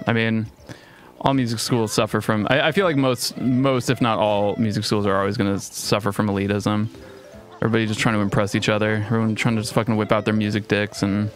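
A young man giving casual, profane, excitable commentary while streaming a game. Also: lowish voice, fairly quick, faint music behind.

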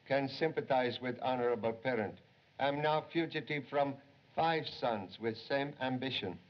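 Brief: male actor as unhurried, aphoristic detective, clipped phrasing, dull old film sound. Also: medium pitch, lightly acted. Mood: calm. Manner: terse, clipped, drops articles, formal. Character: calm, aphoristic middle-aged male detective. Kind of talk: 1930s film acting.

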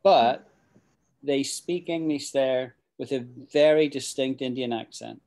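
A middle-aged Scottish man gives a relaxed, conversational English lesson, circling back and restarting his thoughts as he goes. His voice is mellow and warm, sitting at an ordinary pitch for a man. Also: measured pace. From Scotland. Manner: chatty and rambling, with frequent restarts and "you know". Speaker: English teacher. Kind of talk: casual spoken English lesson.

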